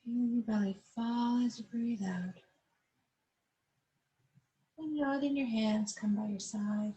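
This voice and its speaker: Calm woman guiding a yoga class. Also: on the high side, lo-fi sound. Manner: calm, slow guided instructions. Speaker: yoga instructor. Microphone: webcam.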